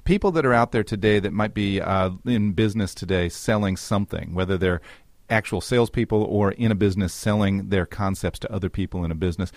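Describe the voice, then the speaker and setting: A man hosting a radio interview, introducing his guest and asking measured, friendly questions. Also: fairly low pitch, no echo. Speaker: radio host.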